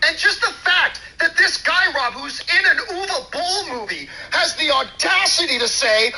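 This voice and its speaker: A man's voice: very high voice, expressive, moderate pace, hardly any pauses, bright, forceful tone, low-quality recording. Man ranting hard, profane and sarcastic. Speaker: show host. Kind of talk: angry ranting commentary.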